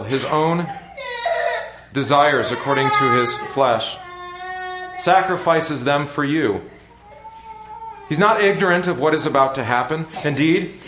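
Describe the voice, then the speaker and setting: A man preaching a sermon in a measured, earnest manner with deliberate pauses. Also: a little high, a bit bright, echoey room, a little hiss or hum. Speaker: pastor.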